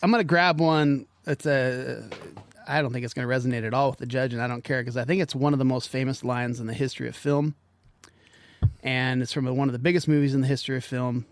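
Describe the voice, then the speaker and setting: A man's voice: medium pitch, steady tone, fast. A man co-hosting a movie podcast, laid-back and self-deprecating in casual chat. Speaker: podcast co-host.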